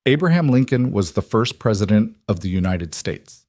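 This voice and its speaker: Hesitant teenage girl student, as a male narrator reads her; low and dry. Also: sing-song, normal speed, darkish tone, no room sound. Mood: blurting. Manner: wobbly, hesitant.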